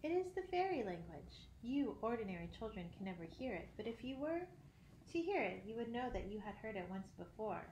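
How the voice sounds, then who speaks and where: A woman reading a children's classic aloud, expressive, with occasional slips and throat clearing. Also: medium pitch, a little fast, a little hiss or hum. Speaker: audiobook reader. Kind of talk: storybook narration. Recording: roomy echo.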